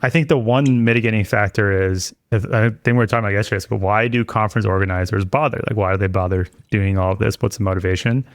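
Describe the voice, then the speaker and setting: Male podcast guest: low, gravelly, rambling, dry studio sound. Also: steady tone, fast talker, hardly any pauses, dry recording. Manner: rambling, many restarts and fillers. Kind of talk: casual chat.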